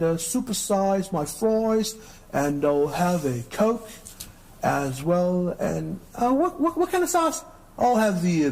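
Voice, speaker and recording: A man's voice: high voice, a little mellow, pitched above the performer's own voice, exaggerated voice. A man doing a fussy put-on British accent. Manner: slow, prim, particular. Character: fussy British man ordering fast food.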